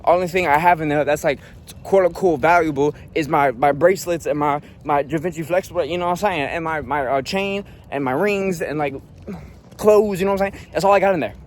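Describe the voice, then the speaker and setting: A man's voice: a little high, brisk, a little hiss or hum. A young man telling a travel story as a casual vlog rant, profane and annoyed, rambling with lots of fillers. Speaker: vlogger.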